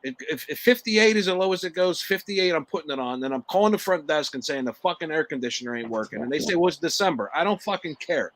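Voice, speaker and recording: Bright-voiced boisterous man. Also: fairly high pitch, animated, fast talker, hardly any pauses, a little hiss or hum, rough recording. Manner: boisterous, crude, laughs a lot. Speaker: podcast co-host. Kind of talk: casual profane storytelling chat.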